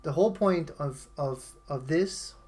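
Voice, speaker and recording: A host runs a casual online community meeting in an earnest, encouraging tone. The voice sits at a middle pitch and slows down deliberately to stress the key points. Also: a little mellow. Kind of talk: casual voice chat.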